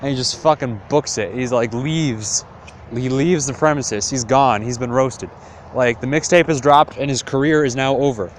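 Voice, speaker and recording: A man's voice: medium pitch, moderate pace, slight background noise. A young man retelling a classic tale in casual, profane slang, rambling with lots of fillers.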